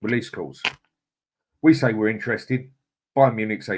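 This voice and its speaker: A man's voice: on the low side, moderate pace, noisy background. A man hosting a live football stream, ranting angrily and swearing, then reading out and greeting viewers in the chat by name. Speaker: host.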